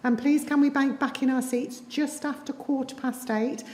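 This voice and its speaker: A woman chairing a trust meeting, making brisk, friendly announcements to the room. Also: high-pitched, fairly even intonation, darkish tone. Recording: hall reverb.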